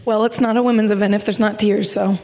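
A woman in her twenties from Baltimore, a missionary speaking at a women's church seminar, her voice hoarse and her manner nervous and emotional, near tears and laughing. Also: mid-range voice, level tone, quick pace, warm tone.

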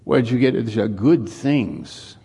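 A male pastor preaching a sermon, unhurried and often repeating or restarting his words. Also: mid-range voice, expressive, gravelly, warm tone, husky.

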